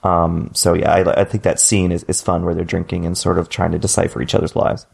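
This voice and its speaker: A man's voice: sits low, flat delivery, a little fast, gravelly, slightly rough. A man co-hosting a podcast, talking casually and hesitantly with many fillers and restarts. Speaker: podcast co-host. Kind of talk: casual chat.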